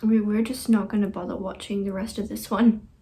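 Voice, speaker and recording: A woman's voice: medium pitch, little pitch movement, a little fast, warm tone. A young woman hosting a reaction video, chatting casually and earnestly and getting easily moved.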